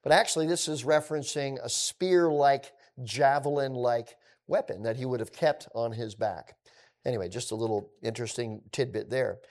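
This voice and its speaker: A man teaching through a scripture passage in a conversational way, with relaxed asides. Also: medium pitch, normal speed.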